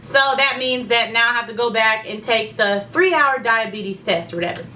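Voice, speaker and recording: Give me a young woman with heartburn, chatty and candid, with a high bright voice and faint background noise. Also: moderate pace, distant mic. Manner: chatty, many fillers, candid and faith-focused. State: heartburn, secretly burping. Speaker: vlogger. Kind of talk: casual pregnancy update chat.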